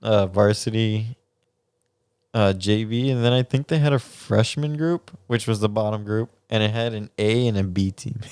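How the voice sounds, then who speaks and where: A man's voice: lowish voice, moderate pace, darkish tone, smooth, dry recording. A young man, co-hosting a podcast and telling a story in casual chat, laughing often and swearing casually. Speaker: podcast co-host.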